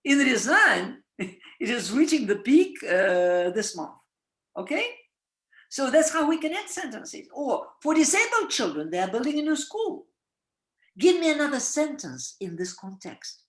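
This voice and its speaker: A woman's voice: high voice, sing-song, a little slow, roomy sound. A woman, teaching English writing in a webinar and quizzing her students with questions. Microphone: video call.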